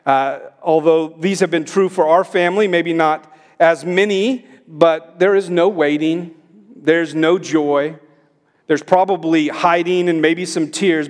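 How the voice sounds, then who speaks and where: Middle-aged male pastor, high voice, emphatic sermon delivery, church sanctuary with long reverb. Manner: emphatic preaching, swelling on commands.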